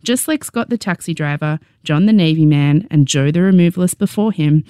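A young adult woman with an Australian accent narrating her memoir with wry, deadpan humor. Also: low-pitched, dry recording, studio quality.

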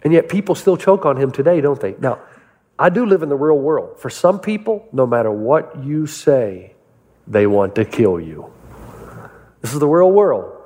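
A man preaching a sermon, telling stories and asking his listeners rhetorical questions in an animated way. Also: mid-range voice, normal speed, long reverb tail. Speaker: pastor.

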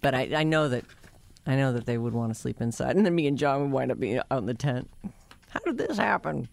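A woman's voice: a bass voice, animated, a little fast, gravelly, a little mellow. A middle-aged woman co-hosting a radio show, chatty and playful in casual banter. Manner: chatty, playful, laughs easily. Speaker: radio co-host.

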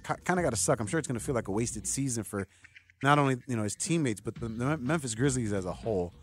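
A man's voice: medium pitch, lively intonation, quick pace, faint music behind. A man in his thirties hosting a sports radio show, talking casually and rambling straight to his listeners. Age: 30s. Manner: rambling, chatty, addresses listeners directly. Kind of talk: casual sports talk monologue.

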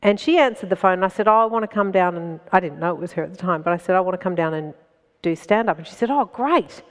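Animated Australian woman in a reverberant room. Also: fairly low pitch, quick pace. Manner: animated, laughs between phrases. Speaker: stand-up comedian as guest. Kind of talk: anecdotal storytelling in conversation.

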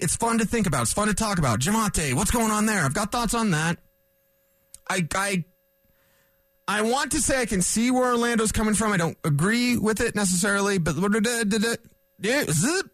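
Sex: man. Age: 40s. Role: sports talk radio host. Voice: high, lively. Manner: rambling, self-correcting. Mic: dry studio. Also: no room sound. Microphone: studio microphone.

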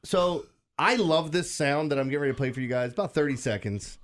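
Male radio co-host, higher voice, incredulous and animated banter. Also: quick pace. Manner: incredulous, laughing, animated storytelling. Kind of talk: casual morning radio banter.

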